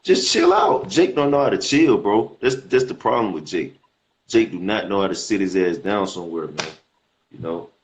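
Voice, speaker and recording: A man's voice: low voice, normal speed, darkish tone. A man teaching scripture in a casual, slangy way, reading verses aloud and repeating words as he explains them. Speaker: preacher.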